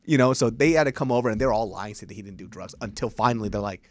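A man co-hosting a podcast, telling stories in a lively way, acting out quotes and swearing often. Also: fairly low pitch, very fast, dry recording, clean studio sound. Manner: animated storyteller acting out quotes, heavy swearing. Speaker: podcast co-host. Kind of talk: casual chat.

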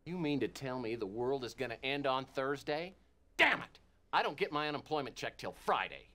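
A man's voice: medium pitch, animated, moderate pace, sharp tone. An actor playing a down-on-his-luck male private eye in a video game, trading wisecracks and pleading. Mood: wry. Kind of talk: full-motion video game acting.

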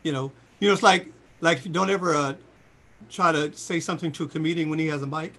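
A man in his sixties, a singer, telling lively stories in a casual interview and jumping into high voices for quotes. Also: fast talker. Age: 60s. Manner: animated storyteller, jumps into high voices for quotes. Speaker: singer and guest.

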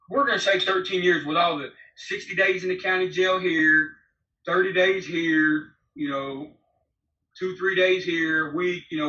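A man's voice: high voice, sharp tone, a little hiss or hum. A man in his forties, a former prisoner, telling his story in a blunt, profane, rambling way in a candid interview. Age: 40s. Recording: roomy, distant, slightly dull remote audio.

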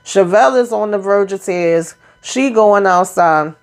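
A woman's voice: medium pitch, a little slow, hardly any pauses. A woman hosting a casual reality TV recap, blunt and profane, acting out quotes as she retells scenes. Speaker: YouTube reality TV recap host.

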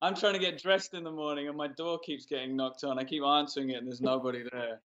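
A man's voice: a little high, steady tone, fast, fairly bright tone, muffled recording. A British man being interviewed as an actor, chatting casually and joking, laughing easily.

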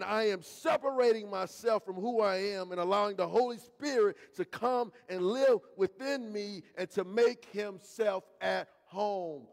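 A high-voiced man, preaching a sermon. He leans into emphatic, drawn-out phrases and keeps calling out to the congregation. His voice rings with the long reverb of a church hall. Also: gravelly. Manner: preaching with emphatic slow repetition and call-outs to the congregation. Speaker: pastor. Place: church sanctuary.

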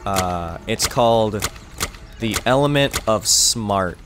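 A man giving excited, rambling commentary while playing a survival game with friends. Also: lowish voice, takes it slowly, noisy background. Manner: rambling, jumpy, shrieks and laughs when attacked. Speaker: gaming channel host.

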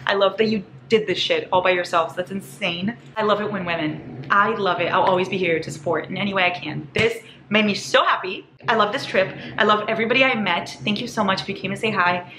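A woman vlogging a casual haul, gushing and excitable, squealing over each item. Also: medium pitch, brisk. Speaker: book vlogger. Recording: echoey room with faint hiss.

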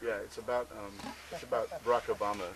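A man's voice: fairly low pitch, little pitch movement, quick pace, noisy background. A man fronting a band, rambling and swearing in laid-back stage banter between songs at an outdoor festival campsite. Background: live band music.

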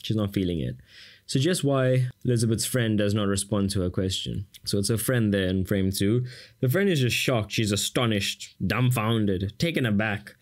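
A South African man with a fairly low voice talks through an exam question in a relaxed, casual way. He keeps breaking off for dry, sarcastic jokes aimed at the viewer. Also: normal speed. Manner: sarcastic, jokey asides to the viewer. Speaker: tutor. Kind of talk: casual exam-prep lesson.

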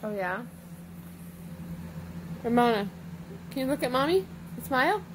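A young mother with a high voice talks slowly to her toddler in coaxing, sing-song baby talk. The home recording carries a noisy background behind her. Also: very animated. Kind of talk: casual home vlog.

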